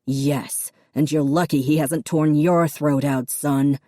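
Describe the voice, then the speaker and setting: A woman's voice: low-pitched, steady tone, takes it slowly, warm tone, no echo, clean studio sound. A woman voicing a stern, harsh middle-aged father who snaps curtly at his son. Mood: snapping. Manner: snapping, curt.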